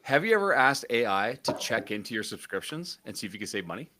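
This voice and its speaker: A man in easygoing conversation whose pitch swings up and down as he jokes and tells stories. His voice stays mid-range, and a faint hiss of noise sits under the recording. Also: fast. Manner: animated, laughing storyteller. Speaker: co-host. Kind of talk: casual chat.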